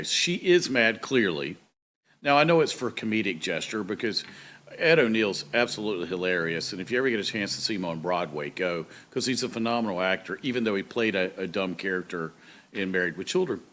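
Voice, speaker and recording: A man's voice: on the low side, fairly bright tone. A man, a pastor hosting his own show, chats in a folksy, casual way. He often slips into short acted-out quotes to make his point. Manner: chatty, folksy, acts out quotes. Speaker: pastor and talk show host. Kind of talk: casual monologue.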